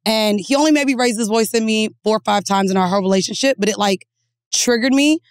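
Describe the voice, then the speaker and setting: A woman co-hosting a podcast, telling stories in a blunt, profane, animated way. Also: a little high, fast talker, clear, resonant tone, no room sound, studio quality. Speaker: podcast co-host. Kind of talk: candid casual chat.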